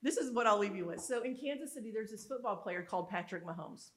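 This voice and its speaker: A woman giving a motivational conference speech, telling stories in an animated, emphatic and candid way. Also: mid-range voice, quick pace, background noise. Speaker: summit speaker. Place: live conference event.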